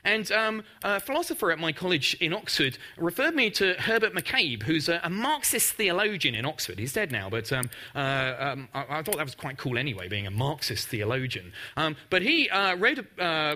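A man's voice: on the high side, pushed and bright. A man who is a mathematics professor giving a public lecture with slides, chatty and wry, with frequent ums and uhs. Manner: wry, self-deprecating humour.

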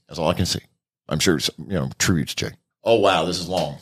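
A man's voice: extremely low pitch, fast talker, husky. A man on a casual podcast reading a long message aloud and adding his own asides. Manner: animated, reads aloud with asides.

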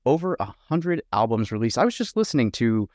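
A man's voice: mid-range voice, big pitch swings, fairly quick, a little mellow, dry recording, clean studio sound. A man hosting a podcast, introducing his guest in an eager, informal, conversational way. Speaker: podcast host.

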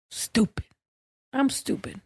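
A woman's voice: extremely slow, dry recording. Blunt, swearing young woman storyteller. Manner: profane, blunt, animated storyteller. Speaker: podcast host. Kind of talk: casual storytelling chat.

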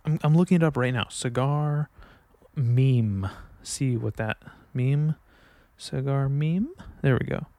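A man's voice: medium pitch, takes it slowly, warm tone, no echo. A man hosting a solo podcast, rambling casually with lots of swearing and self-mockery. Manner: profane, rambling, self-mocking. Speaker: podcast host.

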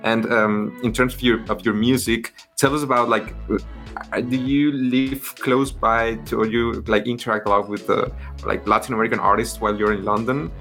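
A man's voice: mid-range voice, fairly even intonation, normal speed, fairly bright tone, soft background music. A man hosting a radio show, a native Spanish speaker chatting in English with many fillers and restarts. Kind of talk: casual interview chat. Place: in Germany, remote call.

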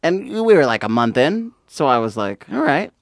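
A man's voice: mid-range voice, very animated, normal speed, no echo. A man co-hosting a podcast in casual chat, dry and teasing. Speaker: podcast co-host.

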